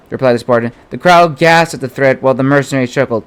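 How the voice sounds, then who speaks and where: Speaking quickly at a medium pitch, a man narrates the audiobook of his own novel, reading steadily and giving the characters small shifts of voice.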